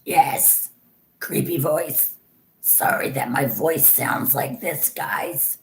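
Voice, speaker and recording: A man putting on a creepy, slow, whispery voice as a joke in a whispered role-play. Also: medium pitch, fairly bright tone. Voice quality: whispery, gravelly. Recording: roomy echo.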